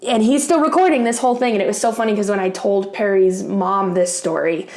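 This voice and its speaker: A woman's voice: medium pitch, a little fast, darkish tone, reverberant. A young woman vlogger casually telling a personal story to camera, chatty, swearing freely, with lots of fillers. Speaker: craft vlogger.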